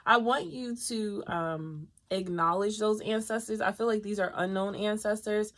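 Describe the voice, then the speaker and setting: A woman's voice: mid-range voice, normal speed. Chatty woman reading tarot. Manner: chatty and expressive, laughing often, talks straight to viewers. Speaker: tarot reader.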